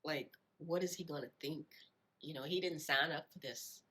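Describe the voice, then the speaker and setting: A woman telling her own life story in a reflective way, often repeating phrases and filling pauses with "you know". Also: sits low, bright, forceful tone. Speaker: storyteller sharing her experience. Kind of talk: personal storytelling.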